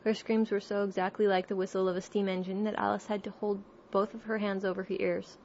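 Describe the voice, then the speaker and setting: Brief: woman narrator, calm storybook reading, mid pitch, faint hiss. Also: brisk, muffled recording. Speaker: audiobook reader.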